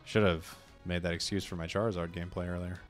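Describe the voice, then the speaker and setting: A man's voice: sits low, fast talker, faint music behind. A man giving casual, joking commentary while playing a video game, ranting at teammates. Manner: joking, animated, rants at teammates. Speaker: gaming streamer.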